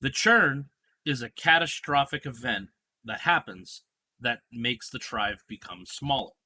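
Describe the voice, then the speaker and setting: A man's voice: mid-range voice, lively intonation, a little slow, pushed and bright, slightly rough. A man hosting a casual podcast chat, retelling a TV scene in a rambling, storytelling way. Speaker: podcast host.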